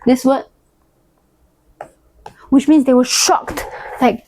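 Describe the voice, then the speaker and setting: A woman's voice: high-pitched, fairly even intonation, slow, long pauses, a little mellow, slight background noise. A woman giving a casual exam-prep history lesson, explaining terms and throwing in playful acted asides. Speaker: history tutor.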